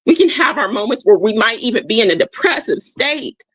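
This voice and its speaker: Slightly high and breathy, with big pitch swings and a somewhat fast pace, this woman hosts a motivational livestream on a streaming mic with no echo. She repeats her core phrases, checks in with her audience again and again, and warmly calls them "y'all."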